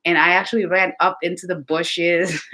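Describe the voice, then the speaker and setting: A woman vlogger chatting casually to her viewers, telling lively stories. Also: lowish voice, normal speed. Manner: chatty, animated storytelling with laughs. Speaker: lifestyle vlogger.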